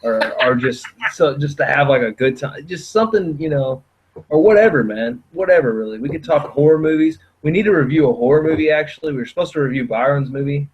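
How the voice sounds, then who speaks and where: A man's voice: fairly high pitch, lively intonation, fairly quick, dull audio, slight background noise. A man guesting on a podcast in casual chat, full of profane, teasing banter.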